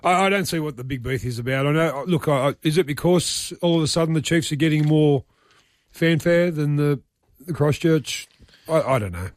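A man's voice: a little high, moderate pace, no echo, clean studio sound. A man from Western Sydney with an Australian accent, co-hosting a sports radio show in a chatty, joking way, often repeating words as he goes. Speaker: radio sports co-host, former player. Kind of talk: casual sports radio chat. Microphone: studio microphone.

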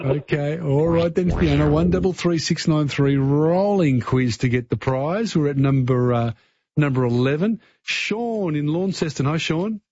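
A man's voice: a little high, unhurried, darkish tone, slightly rough, no room sound, muffled recording. A man hosting a radio talkback quiz, chatty and encouraging, giving callers hints.

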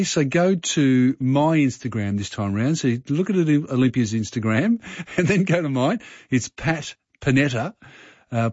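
A man's voice: medium pitch, a little mellow, husky, dry recording, dull audio. A man hosting a radio show from a studio, talking loosely with many fillers. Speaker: radio host. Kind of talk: casual radio talk.

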